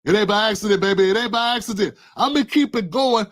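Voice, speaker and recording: Quick-paced and a bit bright, this man's high-pitched voice drives fervent political commentary on his own channel. He repeats rhetorical questions throughout and addresses a listener by name.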